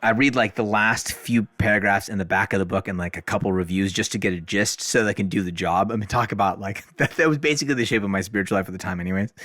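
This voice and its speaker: A man, a podcast guest, telling stories in a casual, animated way, often saying "like" and acting out dialogue. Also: on the low side, fast talker, few pauses, dry recording. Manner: animated, fills speech with "like", acts out dialogue. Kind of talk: casual storytelling.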